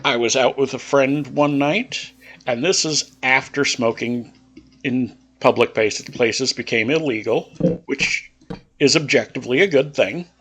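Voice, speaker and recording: A man casually telling a personal story over gameplay, in a relaxed, rambling way. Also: mid-range voice, measured pace, breathy edge. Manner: relaxed, rambling anecdotal delivery. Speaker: gaming channel host.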